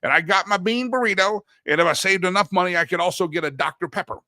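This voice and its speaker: Bright-voiced middle-aged male talk host. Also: sits high, quick pace, no echo, studio quality. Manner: rambling, anecdotal, self-correcting. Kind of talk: casual talk show monologue.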